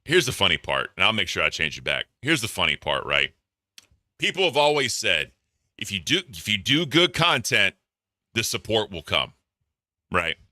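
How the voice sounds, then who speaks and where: Deep bright-toned blunt male streamer. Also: very animated, moderate pace, no room sound, clean studio sound. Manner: blunt, profane, exasperated, reads out donor messages. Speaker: commentary streamer. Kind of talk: casual reaction commentary.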